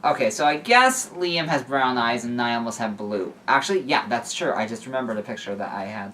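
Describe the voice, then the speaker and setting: A man's voice: mid-range voice, expressive, normal speed, sharp tone, slight background noise. A young man reading fan fiction aloud and breaking off for chatty, rambling asides. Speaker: story reader. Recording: voice somewhat distant from mic.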